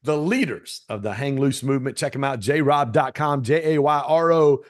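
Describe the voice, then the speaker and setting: A man hosting a podcast in casual interview chat, an animated storyteller who acts out the lines he quotes. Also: mid-range voice, normal speed. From Detroit. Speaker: podcast host.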